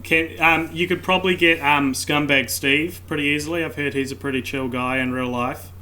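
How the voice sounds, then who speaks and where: A man's voice: on the high side, fairly even intonation, moderate pace, bright, forceful tone, a little hiss or hum. A man co-hosting a podcast, playful and jokey in casual chat. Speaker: podcast co-host.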